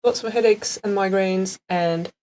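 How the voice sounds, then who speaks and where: A woman's voice: medium pitch, steady tone, unhurried, a little mellow, rough recording. A woman co-hosting a live Q&A, reading questions and chatting casually with a cheeky edge. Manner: casual, cheeky, swears lightly. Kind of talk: live Q&A chat.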